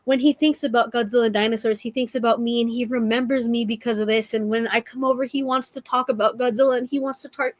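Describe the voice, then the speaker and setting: A woman's voice: fairly high pitch, steady tone, quick pace, hardly any pauses, dry recording. A young woman talking as a podcast guest in casual conversation, earnest and openly emotional as she gushes.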